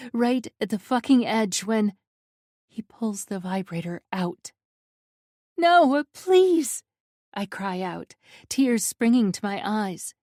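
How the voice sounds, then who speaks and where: Female narrator, slow intimate romance read, breathy pleading delivery, dry studio sound. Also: mid-range voice, warm tone, dry recording. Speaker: audiobook narrator. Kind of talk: first-person romance audiobook narration.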